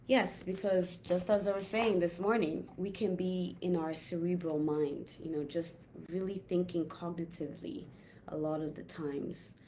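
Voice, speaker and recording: Gentle, reflective woman coach, lowish voice. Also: fairly even intonation, slight background noise. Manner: gentle, reflective, drawn-out pauses. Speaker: holistic health coach. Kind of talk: casual inspirational talk.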